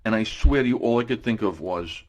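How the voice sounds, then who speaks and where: Guy in his 40s rambling thru a story, lots of uh's, lowish voice. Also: animated, fairly quick. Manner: rambling, lots of "uh" fillers and restarts. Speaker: radio guest storyteller. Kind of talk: casual anecdote telling.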